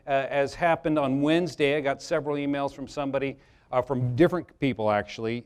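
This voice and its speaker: A man, an attorney, giving a live workshop talk to an audience, chatty and joking as he tells stories. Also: mid-range voice. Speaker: attorney presenting a seminar.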